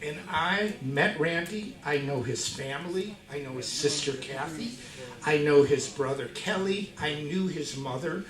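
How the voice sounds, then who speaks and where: A middle-aged guitarist telling a story from a concert stage, excitable, laughing and shouting out his punchlines. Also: fairly high pitch, measured pace, crowd noise. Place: live concert venue. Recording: echoey concert hall, mic far off.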